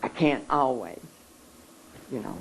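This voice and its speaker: An adult speaks at a seminar in a slow, deliberate way. The talk is earnest and emotional, with frequent pauses and repeated words. A faint background noise sits under the voice. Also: medium pitch, expressive, gravelly, poor audio.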